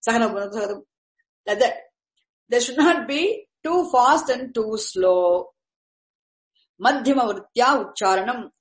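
A woman teacher lectures on chanting in a slightly high voice. She speaks slowly and patiently, circling back to repeat and rephrase each term. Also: rough recording. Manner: patient, repeats and restarts while explaining terms.

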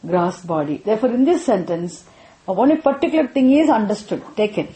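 A woman's voice: mid-range voice, expressive, a little fast, dark tone. A woman teaching a scripture class, repeating points and often asking her students if they understand. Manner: repetitive, checks students with frequent questions. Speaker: spiritual teacher. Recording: echoey room.

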